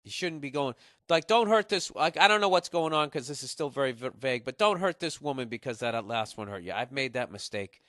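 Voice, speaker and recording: A man's voice: mid-range voice, animated, a little fast, fairly bright tone, no echo, studio quality. A man in his forties hosting a podcast, giving blunt, profane advice in a rambling comic rant. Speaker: podcast host. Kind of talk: casual comedic advice rant.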